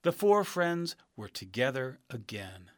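A man narrating a children's storybook in a calm, measured reading. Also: mid-range voice, no echo, clean studio sound.

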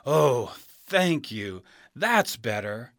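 A man voicing a bored, brainless scarecrow with a slow, sad drawl in a storybook reading. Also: mid-range voice, very animated, no room sound, clean studio sound, full character voice.

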